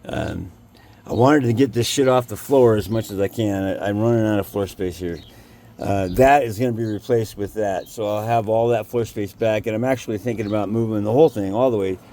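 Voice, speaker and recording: A man casually explaining his camper setup in a vlog, halting with lots of "uh" fillers, talking inside a camper. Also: mid-range voice, slight background noise. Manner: halting, many "uh" fillers, relaxed and folksy. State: has the hiccups. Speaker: vlogger.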